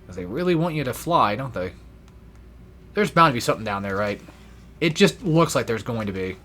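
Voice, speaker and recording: A man's voice: mid-range voice, sing-song, a little fast, bright, forceful tone, a little hiss or hum. A young man giving casual gameplay commentary, rambling and swearing freely with self-deprecating asides. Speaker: let's play gamer.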